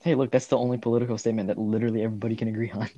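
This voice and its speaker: A man's voice: lowish voice, little pitch movement, racing, mellow, no room sound, muffled recording. A young man in casual chat as a podcast co-host, rambling and often quoting himself with a laugh.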